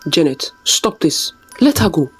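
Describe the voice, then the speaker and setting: A storyteller voicing a calm young father who speaks softly and reassuringly. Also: medium pitch, slightly rough, soft background music, exaggerated voice. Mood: firm. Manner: soft, reassuring, measured.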